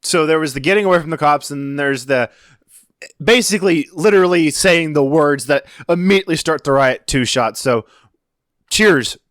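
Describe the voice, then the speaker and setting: A man co-hosting a casual podcast, excitable and swearing freely as he calls drinking shots. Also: a little high, moderate pace, no room sound, clean studio sound. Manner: profane, excitable, cheering and calling shots. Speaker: podcast co-host.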